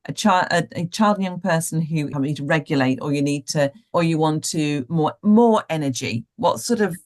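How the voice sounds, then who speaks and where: Low-voiced woman hosting an interview. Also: normal speed, a little mellow. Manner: encouraging, brief affirmations. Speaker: interview host. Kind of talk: conversational interview.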